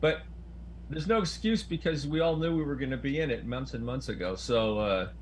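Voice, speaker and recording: A man chatting as a panel guest, telling his story in an animated, chatty way. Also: mid-range voice, fairly quick, slight background noise. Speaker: panel guest, stage actor. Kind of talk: casual panel chat.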